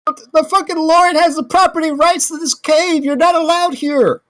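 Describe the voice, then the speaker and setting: A woman voicing a panicky adventurer who yells high commands. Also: lively intonation, measured pace. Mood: stern. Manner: frantic yelling.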